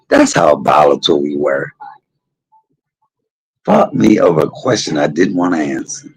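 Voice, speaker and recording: A middle-aged man, talking to his live stream audience in a low, husky voice. His voice has a gravelly edge, and he tells candid, salty stories, acting out the other people's lines in animated voices. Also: moderate pace, rough recording. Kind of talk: casual storytelling to a live audience.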